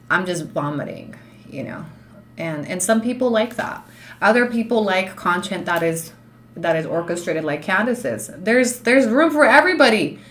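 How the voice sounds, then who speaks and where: 30s woman going off on a livestream, swears a lot, talks right to chat, mixes in spanish, regular pitch. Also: a bit bright, slight background noise. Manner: blunt and profane, talks straight to chat; slips into Spanish phrases. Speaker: livestream host and law student. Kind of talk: unscripted live-stream rant.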